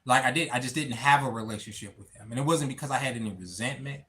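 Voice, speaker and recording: A man talks to viewers on a livestream in a bright, forceful voice held at a middling pitch. He is near tears, halting and repeating words, and he keeps calling the viewers y'all and bro. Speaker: livestream host. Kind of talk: emotional personal talk on a livestream.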